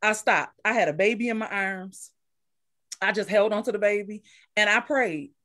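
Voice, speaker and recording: A woman's voice: mid-range voice, normal speed, bright, forceful tone. A woman who runs a daycare, casually telling her story as a guest and repeating phrases for emphasis.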